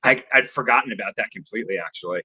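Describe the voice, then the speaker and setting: Bright-voiced, rambling male caller. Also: on the low side, very fast, breathy edge. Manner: rambling, stumbling over words. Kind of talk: call-in chat.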